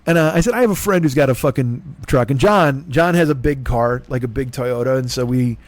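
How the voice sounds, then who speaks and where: A man's voice: mid-range voice, a little fast. Profane, rambling man telling a comic story. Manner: profane, self-deprecating, jumps into voices of others in his stories. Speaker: comedy podcast host.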